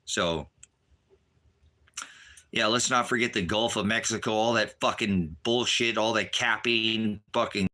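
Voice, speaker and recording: A man's voice: on the low side, slow, pauses often, bright, forceful tone. A middle-aged man ranting angrily about politics, profane, combative and sarcastic. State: irritated, worked up. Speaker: ministry livestream host. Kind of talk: angry political rant.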